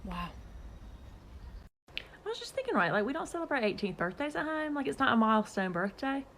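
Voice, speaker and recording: A woman's voice: sits high, sing-song, brisk, fairly bright tone, a little hiss or hum. A woman from Georgia, chatting casually to camera as a vlogger and asking her viewers playful questions, with the odd curse. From Georgia, USA.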